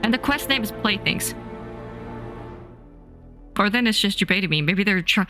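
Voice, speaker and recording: A woman's voice: mid-range voice, expressive, moderate pace, sharp tone, faint music behind. A woman streaming a game, reacting expressively and swearing now and then. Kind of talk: live game commentary.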